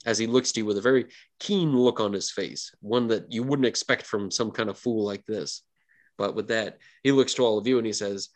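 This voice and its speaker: A man's voice: fairly low pitch, a little fast. Man narrating as game master. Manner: loose, filler-heavy narration.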